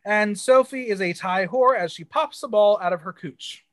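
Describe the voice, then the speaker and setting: A woman's voice: medium pitch, normal speed, dry recording, clean studio sound. A woman from the United States co-hosting a podcast, recapping a TV episode in blunt, crude, playful chat with exaggerated reactions. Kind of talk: casual chat.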